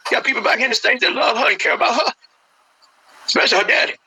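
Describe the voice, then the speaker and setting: Man, grieving father, impassioned, repetitive, high bright voice, gravelly, fast talk, faint radio noise. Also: poor audio. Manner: impassioned, repeats phrases. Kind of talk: emotional phone interview.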